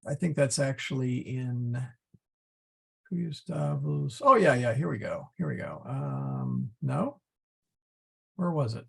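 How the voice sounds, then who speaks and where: Slow halting man teaching, gravelly. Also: mid-range voice, big pitch swings. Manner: halting, many fillers and restarts, chuckles often. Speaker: Latin teacher. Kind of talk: class lesson.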